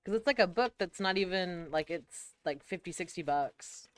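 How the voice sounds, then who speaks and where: A man's voice: sits high, expressive, moderate pace, no echo, soft background music. A young man from the United States chatting casually on a stream, rambling through stories and swearing a lot. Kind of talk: casual chat.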